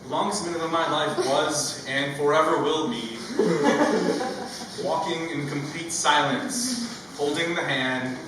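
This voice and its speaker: Young male comedian, animated storyteller, recorded far off in a roomy venue with audience noise. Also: fairly high pitch, measured pace. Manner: animated storytelling, acting out childhood voices. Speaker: stand-up comedian. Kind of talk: stand-up comedy set. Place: stage with a live audience.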